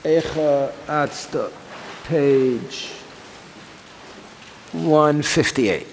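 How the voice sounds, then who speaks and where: Impassioned rabbi in a reverberant hall. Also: male voice, a little high, very slow, a little hiss or hum. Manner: impassioned, swings from quiet explaining to pleading cries; reads Hebrew lines then explains them. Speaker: rabbi teaching a class. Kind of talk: Torah lecture on liturgical laments.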